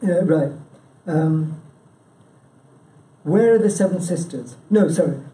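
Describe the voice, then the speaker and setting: A man's voice: fairly high pitch, slow, mellow, distant mic. A man chairing a local branch, giving an informal presentation and quizzing the audience, chatty and prone to restarts. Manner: chatty, self-interrupting, with frequent "yeah?" and "you know". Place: meeting room with a live audience. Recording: echoey room, speaker away from the mic.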